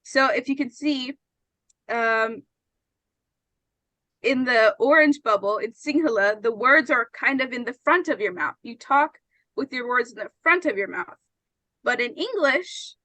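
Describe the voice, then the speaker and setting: A woman's voice: on the high side, expressive, measured pace, long pauses, pushed and bright, no echo, low-quality recording. A woman teaching an English pronunciation lesson, patient and often checking that her students understand.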